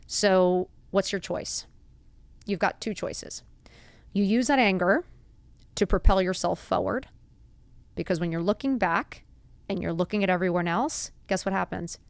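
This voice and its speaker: A woman's voice: on the low side, creaky, clear, resonant tone, no room sound. A woman hosting a podcast, talking earnestly and openly about getting back up after setbacks, peppering her speech with "like" and "right?" and rhetorical questions. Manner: earnest, confiding, heavy use of "like" and "right?". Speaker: podcast host. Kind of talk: motivational personal talk.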